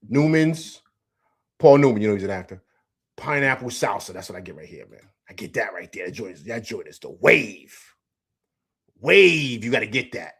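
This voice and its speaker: A man's voice: fairly low pitch, a bit bright, slightly rough. A man hosting a live stream, chatting casually in slang, repeating himself and answering viewers from the chat. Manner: loose slangy talk, repeats himself, reads chat aloud.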